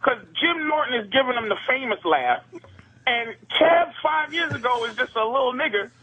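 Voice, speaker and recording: A man's voice: very high voice, expressive, normal speed, muffled recording, very noisy. A man calling in to a radio show who teases and mocks in a profane, playful way. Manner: mocking, profane, teasing. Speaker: phone-in guest. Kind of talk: radio banter. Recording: radio phone-in line.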